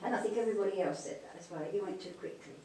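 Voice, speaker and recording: A woman's voice: mid-range voice, rapid-fire, warm tone. A woman giving a live mediumship demonstration, speaking tenderly and calling people darling and sweetheart. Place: spiritualist church hall. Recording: echoey hall, distant mic, faint noise.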